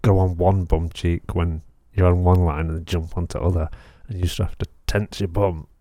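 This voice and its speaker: A man's voice: low voice, little pitch movement, moderate pace, dark tone, dry recording, studio quality. A man co-hosting a podcast, chatting casually and rambling through stories with laughs. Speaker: podcast co-host. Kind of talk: casual chat.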